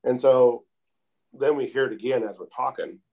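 Man, calm storyteller in casual interview, unhurried, mid-pitched, keeps adding "I said.". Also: lo-fi sound. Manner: calm, unhurried, repeats "I said" often. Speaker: interview guest telling a story.

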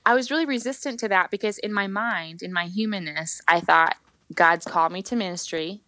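A woman in her thirties, a worship leader, telling her faith story on a podcast guest spot in a lively, expressive way, acting out what she once said. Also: medium pitch, a little fast, dry recording. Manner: animated storytelling, acts out her own past words. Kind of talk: candid personal testimony.

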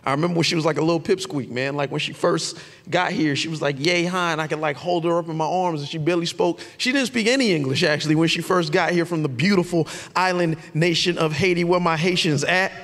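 A man preaching a lively, conversational sermon, shouting out his key points. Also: on the high side, fast talker, hardly any pauses, long reverb tail. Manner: animated and conversational, with shouted emphasis. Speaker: pastor.

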